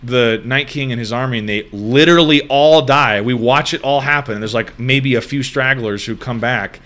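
A man's voice: mid-range voice, normal speed. A man in casual, profane conversation, talking through a TV series with a friend. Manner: profane, animated storytelling. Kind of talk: casual chat.

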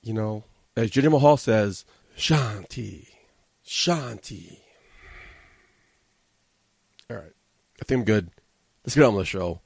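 A man's voice: lowish voice, lively intonation, fairly quick, a little mellow, dry recording. A man from New hosting a podcast, telling a story in a casual, profane, agitated and rambling way. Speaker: podcast host. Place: studio.

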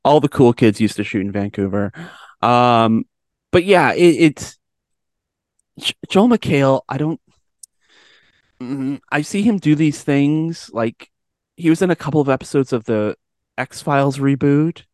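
A wry man hosting a film podcast, trading jokes and quick asides in casual chat. His voice sits in a middle register and comes through a close, dry mic with no room around it. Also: mid-range voice, darkish tone, no echo. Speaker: podcast host, film reviewer.

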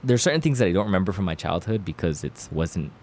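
A man's voice: sits low, sing-song, quick pace, a little mellow, slight background noise. A man casually telling crude, slangy stories among friends on a podcast, laughing between lines. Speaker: podcast storyteller.

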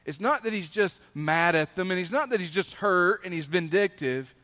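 A male pastor with a high-sitting voice preaches a sermon animatedly, swinging dynamically between loud emphasis and soft asides. When he reads scripture, he slows down and draws the words out for emphasis.

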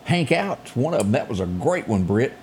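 Lively morning show host. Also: male voice, mid-range voice, normal speed, a little hiss or hum. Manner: animated, sings snippets of lyrics. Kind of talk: casual morning show chat and local headlines.

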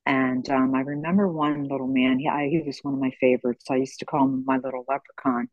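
A woman in her sixties hosts a conversation, recounting stories gently and without hurry. Her voice is husky and breathy. The recording is dry and a little dull, like a modest home podcast setup. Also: very deep voice, steady tone, no echo. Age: 60s. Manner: gentle, unhurried storyteller. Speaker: podcast host. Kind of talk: conversational storytelling. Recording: slightly dull lo-fi sound.

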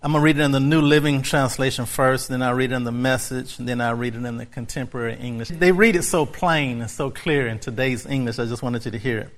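A man preaching a sermon, moving from calm teaching to shouted exclamations, with emphatic repetition as he reads scripture aloud. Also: medium pitch, fast talker, hardly any pauses.

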